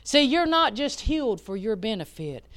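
A woman preaching a sermon, rising to loud emphatic peaks and dropping to hushed asides. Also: on the high side, sing-song, moderate pace.

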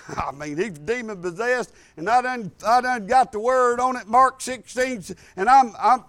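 Earnest preacher. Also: male voice, very high-pitched, a little slow, a bit bright, dry recording. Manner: rambling and earnest, with folksy grammar and restarts. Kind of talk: testimony in a sermon.

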